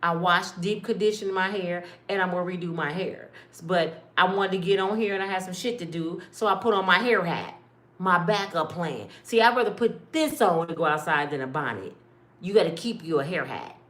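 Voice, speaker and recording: A middle-aged woman telling a story in a casual vlog, shifting from quiet and tired to loud and exasperated. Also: lowish voice, normal speed. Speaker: vlogger. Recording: echoey room.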